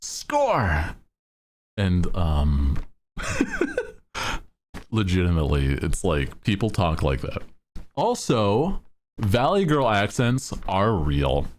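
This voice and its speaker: A man's voice: sits low, wildly swooping pitch, slow, long pauses, slight background noise. A male streamer chatting casually in a laid-back, slangy way and laughing often.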